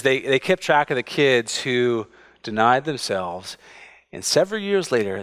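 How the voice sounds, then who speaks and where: A man, preaching a sermon and telling family stories with lively voices. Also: fairly high pitch. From United States. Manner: animated storytelling, acts out family voices. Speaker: pastor. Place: church sanctuary.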